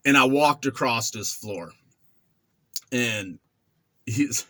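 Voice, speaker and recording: A man's voice: mid-range voice, slow, no room sound. A man in his forties casually telling a story about his past, acting out voices and sound effects as he goes. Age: 40s. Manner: animated, acts out quotes and sound effects. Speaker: vlogger.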